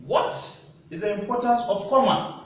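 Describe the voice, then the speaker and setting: A man teaching a primary school lesson, speaking slowly and deliberately and putting questions to young pupils in a classroom. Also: high voice, slight background noise. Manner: slow, deliberate teacher talk with questions to children. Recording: echoey room, voice from a distance.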